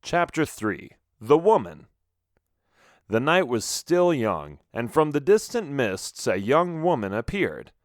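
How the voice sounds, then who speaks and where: Man, children's audiobook narration, lively pitch, dry close sound. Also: slow, dry recording. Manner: expressive storytelling.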